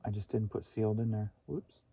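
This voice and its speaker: A man's voice: lowish voice, fairly quick, dark tone, husky. A man who resells online, talking casually to himself while packing orders. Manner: thinking aloud, muttering to himself.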